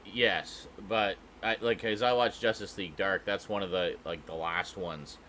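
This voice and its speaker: A man co-hosts a podcast with a very deep yet bright, forward voice, chatting with eager enthusiasm and laughing often. A faint hum runs beneath him. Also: fairly even intonation, moderate pace. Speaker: podcast co-host. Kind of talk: casual chat.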